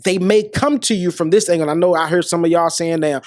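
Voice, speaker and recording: This middle-aged podcast host talks fairly quickly in a high-leaning, darkish voice, giving earnest motivational advice straight to listeners and often restarting sentences. The studio sound is clean, without echo.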